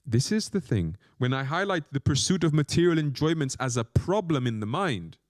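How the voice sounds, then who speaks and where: Animated male monk giving a lecture. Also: fairly high pitch, moderate pace, no room sound, clean studio sound. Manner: animated storytelling with questions to the audience. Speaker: monk teaching spirituality. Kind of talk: spiritual lecture.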